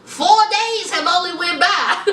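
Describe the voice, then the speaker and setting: Sassy high-voiced woman reviewing a show. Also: fairly bright tone, a little hiss or hum. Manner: sassy, chatty, calls viewers honey and child. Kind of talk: casual TV review chat. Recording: echoey room, mic at a distance.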